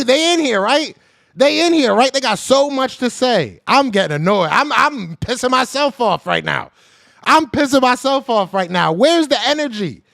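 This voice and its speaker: High-voiced man ranting about his team. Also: gravelly, no echo, studio quality. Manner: heated, trash-talking, repeats himself for emphasis; slangy and loud, calls out chat viewers. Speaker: podcast host. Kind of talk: live-stream sports rant.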